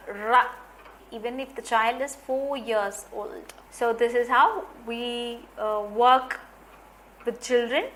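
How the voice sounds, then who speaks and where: A woman training teachers in phonics, explaining points slowly and deliberately and repeating key ideas. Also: on the high side, fairly bright tone, a little hiss or hum. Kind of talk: instructional lecture.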